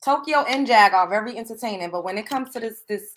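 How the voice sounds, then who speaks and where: A woman's voice: fairly high pitch, expressive, fast, a bit bright, a little hiss or hum. A woman hosting a show, reacting to a clip with indignant, emphatic commentary. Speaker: show host.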